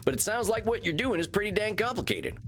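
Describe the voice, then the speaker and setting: Game role: a homespun therapist, higher voice with bouncy swings. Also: male voice, big pitch swings, fast, fairly bright tone, a little hiss or hum. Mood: folksy. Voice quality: folksy drawl. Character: folksy easygoing male cowboy therapist. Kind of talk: video game voice acting.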